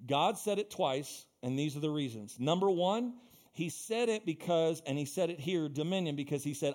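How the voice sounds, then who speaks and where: A man's voice: on the high side, expressive, normal speed, a little mellow. A male pastor preaching a sermon in a church, building into fervent, repetitive exhortation.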